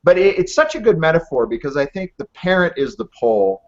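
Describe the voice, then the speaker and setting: A man's voice: fairly high pitch, very animated. A middle-aged man giving an interview, telling stories earnestly and building his points with emphasis. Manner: earnest, storytelling, emphatic with pauses. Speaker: author and ministry head, interview guest. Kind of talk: conversational interview. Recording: dull lo-fi audio.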